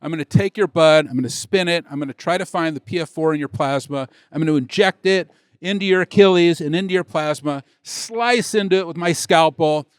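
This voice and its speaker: A middle-aged man, a tech executive, telling a rambling story on a conference stage, acting out the dialogue with excitement. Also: on the high side, brisk, few pauses, clean tone, no echo, studio quality. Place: conference stage before an audience.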